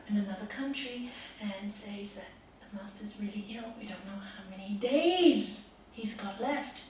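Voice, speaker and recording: A woman meditation teacher giving a spiritual talk with stories to a small group, swinging between loud emphasis and soft, hushed asides. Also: mid-range voice. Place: meditation centre room with a group. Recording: echoey room, voice from a distance, faint hiss.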